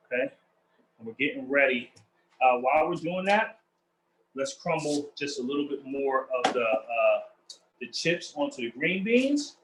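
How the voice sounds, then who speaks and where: Upbeat chef talking through a recipe. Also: male voice, medium pitch, sharp tone, slight background noise, low-quality recording. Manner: upbeat, chatty, addresses viewers as y'all and family. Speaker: chef hosting a cooking demo. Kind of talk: cooking demonstration. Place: kitchen.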